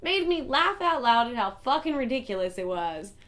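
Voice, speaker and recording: A woman hosting a casual comic book review vlog, talking in an animated, chatty way and swearing freely. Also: fairly high pitch, normal speed.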